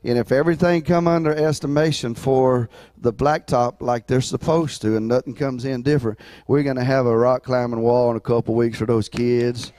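A man's voice: medium pitch, steady tone, moderate pace, few pauses, a little mellow, dry recording. A man, a pastor talking casually and rambling in folksy phrases during the church offering. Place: church sanctuary.

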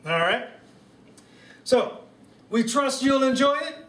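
A stately, slow-spoken president, as a man puts him on for a home birthday video, stretching every formal phrase with comic stumbles. He is heard from some distance in an echoing living room. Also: very high-pitched, expressive, sharp tone, heavily acted. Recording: roomy room sound from a distant camera.

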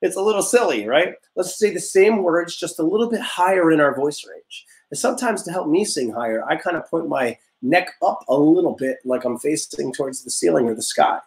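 A young man teaching a music class, leading vocal warm-ups in an upbeat, encouraging way and explaining step by step. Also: a little high, animated, fairly quick, vocal fry, hardly any pauses. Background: guitar notes played under the talk.

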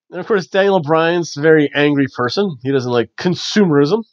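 A man hosting a casual wrestling review, chatty and animated with lots of fillers. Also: a little high, brisk, few pauses, no echo. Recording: dull, dry lo-fi recording.

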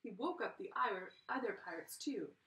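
A woman's voice: medium pitch, normal speed. Woman reading a story aloud, echoey. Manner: expressive, lively storytelling. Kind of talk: children's story read-aloud. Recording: roomy, from a distance.

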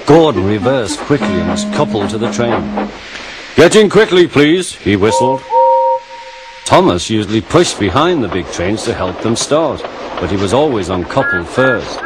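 Man, storybook narrator, low voice, lively intonation, gentle, loud background music.

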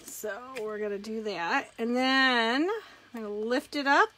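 Woman, craft demo host, casual and chatty, narrates her steps, bright and slightly high. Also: unhurried, slight background noise. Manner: chatty, talks through each step as she works. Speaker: craft demonstrator hosting a live stream. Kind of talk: casual step-by-step craft demonstration.

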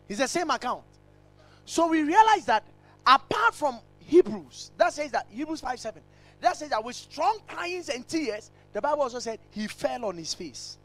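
A man preaching a sermon, emphatic and repetitive, swinging between shouted lines and hushed asides. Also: very high-pitched, very animated, moderate pace, faint music behind, rough recording. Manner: repetitive, rhetorical.

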